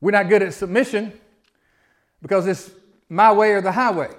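High-voiced preacher. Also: male voice, normal speed. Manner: conversational preaching, swings from loud emphasis to quiet asides. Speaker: pastor. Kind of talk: sermon. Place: church sanctuary.

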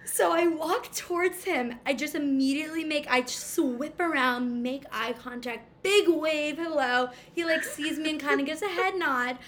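High-voiced young woman telling a story. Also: moderate pace, hardly any pauses. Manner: animated, breathless storytelling with quoted dialogue. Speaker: storyteller guest. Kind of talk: casual chat.

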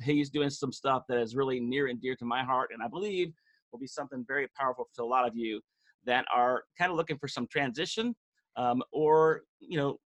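A man's voice: medium pitch, pushed and bright. A man hosting a podcast interview, upbeat and chatty. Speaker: podcast host. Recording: music playing behind the voice.

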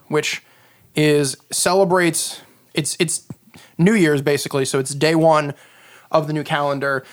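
A man running a tabletop game as game master, describing scenes in a loose, rambling way full of fillers. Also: on the high side.

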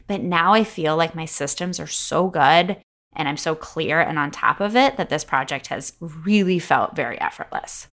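A woman with a lower voice than most hosts her own podcast alone. She talks in a chatty, upbeat way, reels off lists, and laughs easily while sharing her feelings openly. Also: lively intonation, moderate pace, a bit bright. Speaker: podcast host. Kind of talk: solo podcast monologue.

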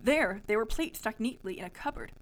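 A woman's voice: a little high, lively intonation, brisk, a little hiss or hum. A young woman co-hosting a podcast, reading her childhood story aloud in bursts, giggly and self-mocking. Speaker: podcast co-host.

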